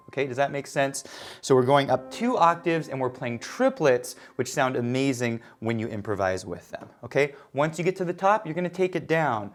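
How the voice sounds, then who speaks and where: A man of ordinary pitch guides students through a piano lesson, counting beats aloud as he plays. Clear piano sounds under his voice the whole time, and his tone stays encouraging and plain. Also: expressive, normal speed. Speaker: piano teacher.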